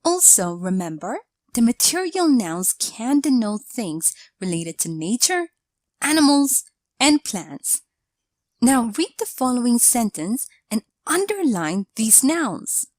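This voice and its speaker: A woman narrating a scripted English grammar lesson, explaining each point in a deliberate, measured way. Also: on the high side, big pitch swings, a little mellow, no echo.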